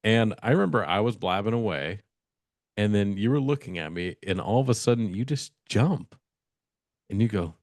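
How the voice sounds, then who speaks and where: A man's voice: deep voice, lively intonation, fast talker, no echo, clean studio sound. A man co-hosting a podcast, telling a spooky story in casual chat and acting out the dialogue with animation. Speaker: podcast co-host.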